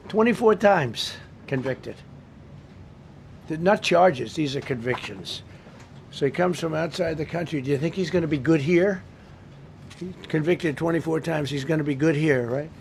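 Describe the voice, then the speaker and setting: Gravelly man giving rambling briefing remarks. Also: a little high, moderate pace, darkish tone, slight background noise. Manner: rambling, repetitive and emphatic. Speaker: speaker at a press briefing.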